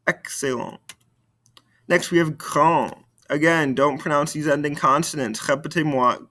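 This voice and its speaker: A man teaching a recorded French lesson, slowly modeling words for students to repeat. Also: on the high side, sharp tone. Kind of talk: recorded video lesson with repetition drills.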